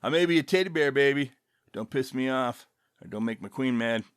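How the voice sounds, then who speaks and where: A man hosting his own podcast, rambling loosely and casually with chuckling asides, relaxed after an edible. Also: mid-range voice, fairly quick, clear, resonant tone, no echo, clean studio sound. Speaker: podcast host.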